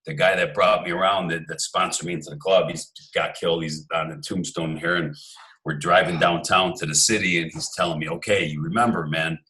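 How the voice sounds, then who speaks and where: A man's voice: deep voice, fairly even intonation, fairly quick, pushed and bright, poor audio. A man guest in a casual interview who tells rambling stories, acts out other people's lines and often restarts his sentences. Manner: rambling storyteller who acts out quoted voices, with many restarts. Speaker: podcast guest.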